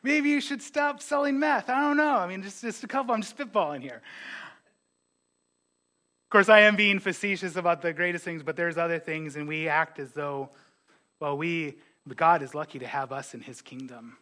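A man preaching as a pastor, animated, with joking asides and quick impressions of his congregants. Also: a little high. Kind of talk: sermon.

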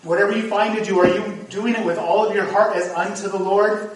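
A man's voice: sits high, fairly even intonation, a little fast, background noise. A man preaching a sermon as pastor, earnest and at times emphatic. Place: church sanctuary. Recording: echoey hall, mic from far off. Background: congregation.

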